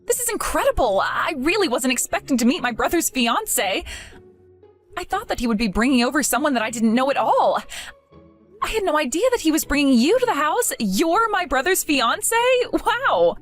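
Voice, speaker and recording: A woman voicing a trusting young woman who pleads with a friend and is bewildered by her cruelty, in an animated story. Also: high-pitched, moderate pace, faint music behind. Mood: shocked. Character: earnest trusting young woman, easily hurt.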